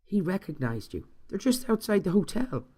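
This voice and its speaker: A man voicing a small, friendly Irishman who talks in a soft, relaxed and knowing way. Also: high-pitched, husky, voice pushed up, full character voice. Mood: calm, knowing. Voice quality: soft-spoken. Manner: relaxed, unhurried.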